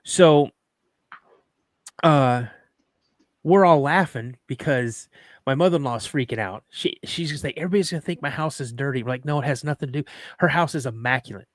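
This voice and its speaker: A man's voice: mid-range voice, a little fast, no echo, clean studio sound. A middle-aged man hosting a podcast, chatting casually with rambling jokes and reading a listener's story aloud. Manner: rambling, joking, restarts sentences. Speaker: podcast host.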